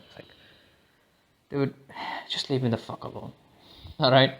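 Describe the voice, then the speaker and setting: A man talks alone on a podcast, thinking out loud. He drifts from thought to thought, cursing freely and stumbling into restarts as he goes. The tone is a loose, unscripted chat. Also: mid-range voice, flat delivery, unhurried, long pauses. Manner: rambling, profane, restarts often. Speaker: podcast host. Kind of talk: casual solo podcast monologue. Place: lives in India.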